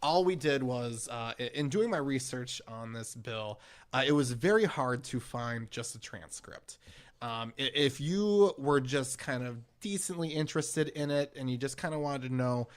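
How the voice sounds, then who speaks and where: A man's voice: mid-range voice, normal speed. Crude, joking young man co-hosting. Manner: laid-back, crude, joking banter. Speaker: podcast co-host. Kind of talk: casual chat.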